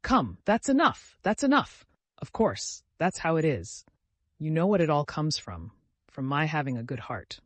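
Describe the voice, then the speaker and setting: A man's voice: fairly high pitch, very animated, measured pace, dry recording, pitched above the performer's own voice. Vasya, a man voicing an earnest young clerk. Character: emotional young male clerk, earnest and touchy. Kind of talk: audiobook character reading.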